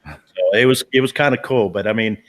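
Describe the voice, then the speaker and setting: A man's voice: on the low side, a little fast. A man, a paranormal investigator, telling a story in a casual live-stream chat, earnest and emphatic, often repeating himself and restarting sentences.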